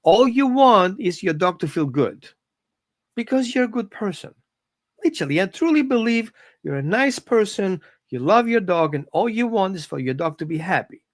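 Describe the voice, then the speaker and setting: Dog trainer doing a casual live lesson from home, chatty and animated, middle pitch. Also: normal speed, no echo, clean studio sound. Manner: animated, conversational, coaching tone. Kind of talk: informal live-stream lesson.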